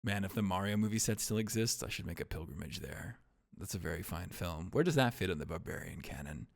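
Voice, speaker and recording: Male film podcast host, low voice, wry and rambling, drops off into mumbles. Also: expressive, fast, vocal fry. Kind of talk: casual film discussion podcast.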